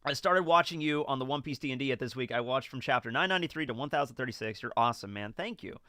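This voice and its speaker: A man's voice: medium pitch, expressive, quick pace, pushed and bright, dry recording, clean studio sound. Chatty American man on a livestream. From United States. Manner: rambling, chatty, jokey. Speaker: livestream host reading chat. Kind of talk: casual livestream chat.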